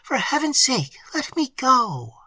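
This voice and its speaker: Frightened young heroine, high and trembling, put on by a male reader, husky edge. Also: sing-song, normal speed, pushed and bright, no echo, distant mic, full character voice. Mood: pleading.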